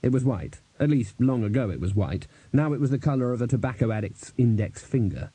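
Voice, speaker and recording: A man reading a novel aloud as a narrator, measured and wry, close to the mic. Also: mid-range voice, lively intonation, warm tone, husky. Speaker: audiobook narrator. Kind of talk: scripted narration.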